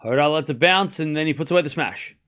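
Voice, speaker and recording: A man's voice: a little high, quick pace, fairly bright tone. A young man casually calling a live tennis match for a stream audience, chatty and self-mocking, stumbling over player names. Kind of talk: casual play-by-play watchalong commentary.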